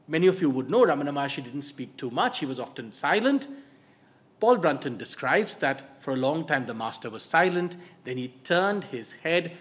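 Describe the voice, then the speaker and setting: A male author giving a public talk, telling stories in an animated way and dropping to soft asides. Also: mid-range voice. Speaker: author and speaker.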